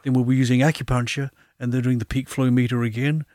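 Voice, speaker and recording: A man who works as an osteopath and acupuncturist, telling anecdotes as a guest in a relaxed, chatty way. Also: medium pitch, fast talker, no echo, clean studio sound. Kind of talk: conversational anecdotes.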